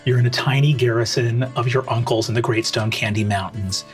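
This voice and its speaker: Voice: medium pitch, fairly even intonation, brisk, soft background music. A game master narrating a tabletop role-playing scene casually, with frequent filler words.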